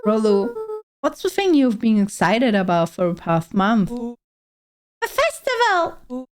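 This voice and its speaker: A woman's voice: on the high side, sing-song, takes it slowly, voice pushed up. A woman voicing jittery young kids, reading game dialogue aloud in a playthrough, with music underneath. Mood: nervous.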